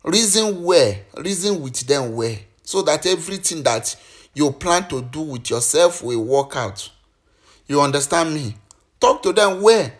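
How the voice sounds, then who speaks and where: A man's voice: fairly high pitch, animated, measured pace. A Nigerian man speaking Nigerian Pidgin English, giving preachy, repetitive advice in a casual monologue.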